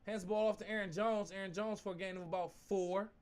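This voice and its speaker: A young man hosting a live-stream sports watch-along, casual and slangy, switching between low mumbled asides and loud outbursts at the plays. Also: fairly quick, clean tone. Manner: excitable, swings from mumbling asides to shouting at the game; uses slang like fam and bro.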